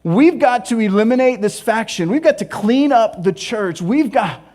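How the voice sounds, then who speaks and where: A man voicing Saul as a flustered, zealous man who protests in a hurried rush. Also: extremely high pitch, lively intonation, a little mellow, voice pushed up.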